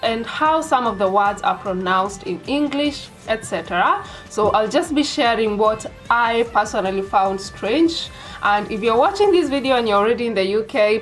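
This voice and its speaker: A woman's voice: medium pitch, rough recording. A young woman from Kenya with a Kenyan accent, chatting casually to her viewers in a vlog. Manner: chatty and direct, addresses viewers as "you guys". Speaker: vlogger. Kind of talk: casual vlog talk to camera.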